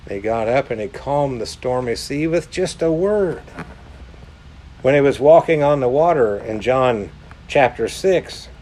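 A male pastor preaching a sermon, slow and emphatic, rising into fervent exhortations. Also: a little high, a little mellow.

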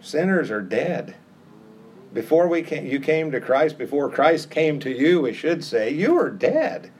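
A man's voice: on the high side, very animated, a little slow, a little mellow, slightly rough. A middle-aged man preaching a sermon with an emphatic, repetitive cadence that rises on key phrases.

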